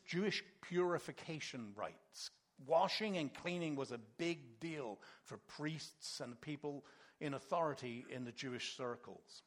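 A middle-aged man preaching a conversational sermon, acting out quoted voices as he goes. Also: a little high. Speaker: pastor.

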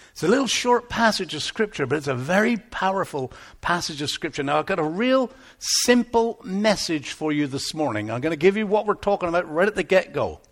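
Male pastor, middle-aged, slightly high voice, very animated delivery, tells stories and acts out the quotes. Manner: storytelling with acted-out quotes and humor. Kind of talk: sermon.

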